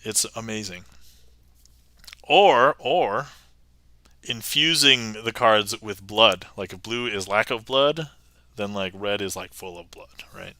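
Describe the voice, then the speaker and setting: A man's voice: lowish voice, slow, pauses often, sharp tone, dry recording. A man hosting a live magic stream in casual chat, upbeat and chatty as he reads out and thanks his viewers. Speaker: magician livestream host.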